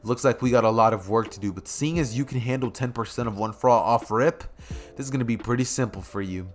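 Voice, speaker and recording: A man's voice: mid-range voice, fast talker, natural voice. A man voicing a friendly young male hero who mentors a boy, speaking easygoing with small hesitations.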